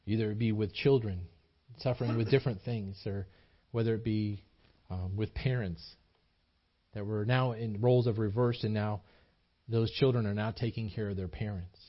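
A man speaks at normal speed in a lowish, fairly even voice, recorded with lo-fi sound. Preaching to a small church as its pastor, he builds his points by repeating himself, restarting frequently, and pressing each line with earnest emphasis.

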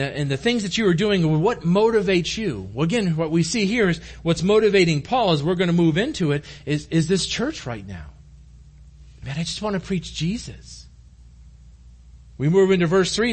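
Husky-voiced, animated male preacher. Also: on the high side. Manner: earnest, direct, addresses the congregation. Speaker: pastor. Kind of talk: conversational sermon. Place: church room.

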